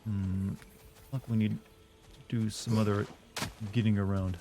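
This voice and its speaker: A man's voice: on the low side, flat delivery, unhurried, dark tone, faint music behind. A young man from the American South with a subtle Southern US accent, chatting casually and self-deprecatingly as he streams a game. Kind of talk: casual gameplay commentary.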